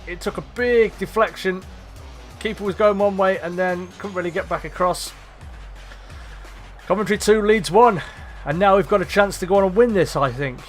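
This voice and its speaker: A young man commentating live on his football management game, swearing and shouting at his players. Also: high-pitched, normal speed, faint music behind. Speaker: gaming commentator.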